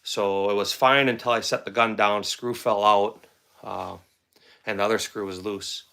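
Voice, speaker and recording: Middle-aged male host, bright tone, rambling casual storyteller who repeats himself. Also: lowish voice, fairly even intonation, moderate pace, creaky. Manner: rambling, repeats words, conversational. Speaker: firearms channel host.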